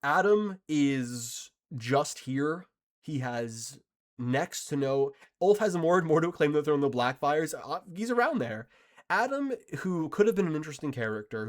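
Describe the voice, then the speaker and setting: A man giving casual, opinionated video commentary, emphatic and sarcastic, with frequent restarts. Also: a little high.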